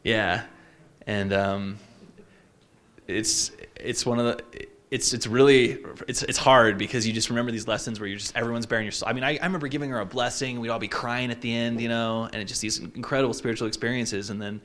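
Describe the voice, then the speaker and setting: A man in his twenties from Utah, telling a personal story in a casual, reflective way, halting often with fillers and restarts. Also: medium pitch, steady tone, fairly bright tone.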